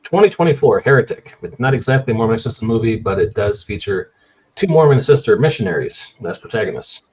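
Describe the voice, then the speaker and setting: A man's voice: lowish voice, very animated, fast, a little mellow, muffled recording. A man co-hosting a podcast, recounting movies in a rambling, hesitant way full of fillers. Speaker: podcast co-host. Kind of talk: casual podcast discussion.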